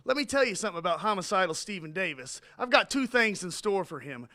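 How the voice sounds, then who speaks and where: A man's voice: high voice, lively intonation, fast, pushed and bright, slight background noise. A man playing a goofy, eye-poking Stooge-style wrestler in a brash, boastful promo with nasal squeals. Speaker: pro wrestler.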